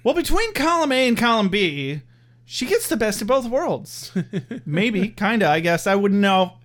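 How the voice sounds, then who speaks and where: A man co-hosting a podcast, chatting in a joking, profane way. His voice sits high and swings widely in pitch, and he laughs often. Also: big pitch swings, a little slow, a bit bright. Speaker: podcast co-host. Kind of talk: casual chat.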